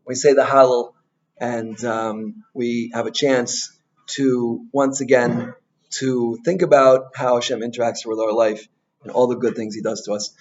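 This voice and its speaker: Speaking at a measured pace and medium pitch, a male rabbi delivers a lively, story-filled Torah talk in an informal style. He mixes in Hebrew and Yiddish expressions and keeps asking "right?", and the recording is muffled.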